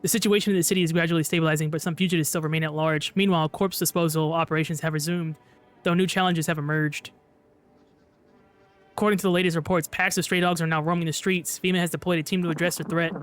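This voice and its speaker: A man voicing a brisk male news anchor in a game, reading the bulletin quickly in a flat newsreader manner. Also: on the high side, faint music behind, lightly acted. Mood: formal.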